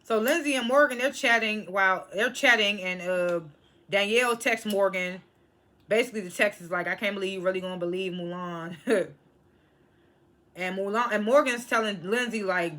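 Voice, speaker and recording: A woman casually recapping a reality TV episode, blunt and animated, swearing freely and laughing between points. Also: mid-range voice.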